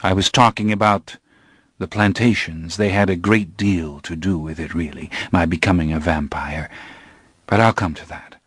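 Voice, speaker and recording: A man voicing a calm, brooding centuries-old male vampire, speaking in a measured, grave way. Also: sits low, husky, no echo, studio quality. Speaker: narrator.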